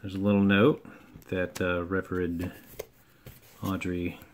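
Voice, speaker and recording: A man with a fairly low voice reads a children's storybook aloud. His reading is relaxed and homely, with small slips and friendly asides along the way. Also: a little slow, slight background noise. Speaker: storybook reader.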